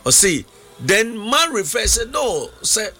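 Animated man answering a preacher. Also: high voice, slow, husky, soft background music. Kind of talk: sermon call and response.

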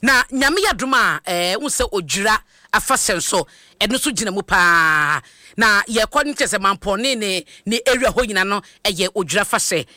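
Ghanaian presenter, bright tense voice, lively, dry studio sound. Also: medium pitch, normal speed, dry recording. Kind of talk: broadcast hosting.

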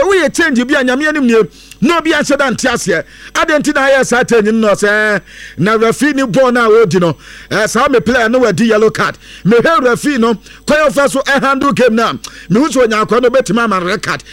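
A man talks through football news with a sing-song lilt. His voice sits very high. The sound is dry and close, with no room around it. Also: no echo. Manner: lively, mixes English into Akan, sing-song lilts and bursts of laughter. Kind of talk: casual football news chat.

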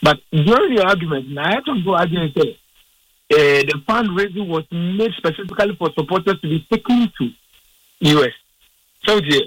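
Animated man ranting on a call-in. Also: high-pitched, moderate pace, no echo, low-quality recording. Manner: animated, repetitive, rambling and indignant. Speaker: caller. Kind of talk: call-in radio football opinion.

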